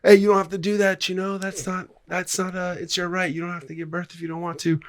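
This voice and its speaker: A man voicing an earnest protester outside a clinic, raising his voice high and pleading in a halting, insistent way. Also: level tone, lightly acted.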